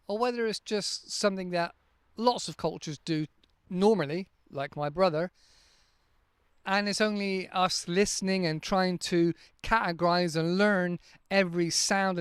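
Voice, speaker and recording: A man's voice: sits high, clear, resonant tone, no room sound, studio quality. A man, hosting a casual podcast as an English teacher, patiently explaining pronunciation and demonstrating sounds word by word into a handheld mic. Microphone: handheld microphone.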